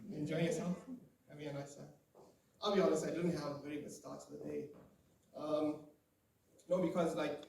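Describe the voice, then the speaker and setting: A man's voice: fairly high pitch, noisy background. A young South African man in his twenties doing his first stand-up set, chatty and loose, talking to the crowd. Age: 20s. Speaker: stand-up comedian. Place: live comedy room. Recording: echoey room, mic a bit far.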